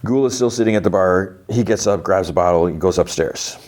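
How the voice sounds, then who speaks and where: Deep-voiced man rambling through a recap. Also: a little fast, a little mellow. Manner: rambling, filler-heavy retelling. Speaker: podcast host. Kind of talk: casual episode recap.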